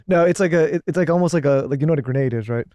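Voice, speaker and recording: Male podcast host, very fast talker, slightly high voice, eager explainer. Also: dark tone, no echo, clean studio sound. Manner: eager, explains things in plain terms. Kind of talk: casual podcast chat.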